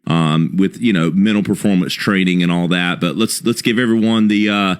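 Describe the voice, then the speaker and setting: A man's voice: low voice, fairly even intonation, moderate pace, clear, resonant tone. A man with a South Carolina accent hosting a podcast, chatting in a laid-back, chummy way. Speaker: podcast host. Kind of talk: casual interview chat.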